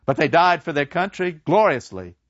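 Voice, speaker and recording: A man voicing a zealous, pompous old schoolteacher who preaches glory in a shrill, strident way. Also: sing-song, normal speed, fairly bright tone. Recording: dull lo-fi dry recording.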